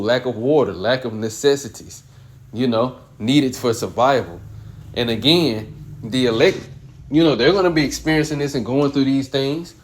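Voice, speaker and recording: Man reading scripture, then explaining casually. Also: medium pitch. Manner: reads verses aloud, then explains them in loose everyday slang; slow and deliberate when reading scripture. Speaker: Bible teacher.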